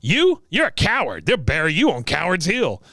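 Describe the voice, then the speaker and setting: A man's voice: fairly high pitch, wildly swooping pitch, moderate pace, sharp tone, no room sound, clean studio sound, voice pushed up, heavily acted. A man putting on the voice of a mean, boastful old male war veteran who brags and insults people. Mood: barking mean. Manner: gruff, bragging, insulting.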